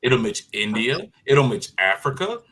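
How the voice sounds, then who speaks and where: A man's voice: mid-range voice, very animated, normal speed, a bit bright, poor audio. A man appearing as a guest on a radio talk show, making an earnest political argument. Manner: earnest, argumentative, with frequent fillers and restarts. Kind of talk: political commentary in conversation.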